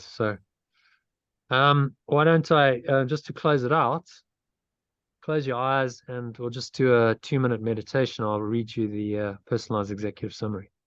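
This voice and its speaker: A man's voice: medium pitch, no room sound, muffled recording. A man leading a study group and a guided meditation, talking earnestly and often restarting his phrases as he thinks aloud.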